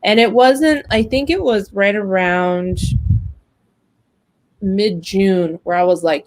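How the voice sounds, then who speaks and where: A woman's voice: mid-range voice, slow, pauses often, poor audio. A woman hosting a casual web talk show, telling a long story about job hunting, chatty and full of fillers. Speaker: host. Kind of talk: casual chat.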